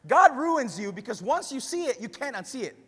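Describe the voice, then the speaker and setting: A pastor with a Spanish-influenced English accent preaching a passionate sermon, building to shouts with conversational asides. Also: male voice, extremely high pitch, big pitch swings, a little fast, breathy edge, big-room sound.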